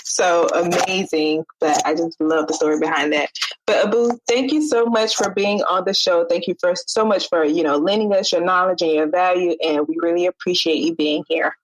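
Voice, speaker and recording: A woman's voice: lowish voice, moderate pace, rough recording. A woman hosting a podcast interview, reacting with enthusiasm and laughter. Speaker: podcast host. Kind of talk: casual interview.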